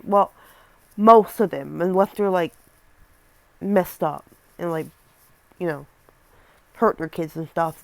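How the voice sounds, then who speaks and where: A woman's voice: on the low side, no echo. A young woman reading a scary story aloud and breaking off for casual, rambling asides, often stumbling over words.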